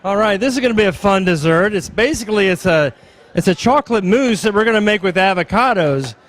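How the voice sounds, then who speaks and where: High-voiced upbeat chef demonstrating. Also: male voice, expressive, fairly quick. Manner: upbeat and chatty, explaining each step. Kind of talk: live cooking demonstration.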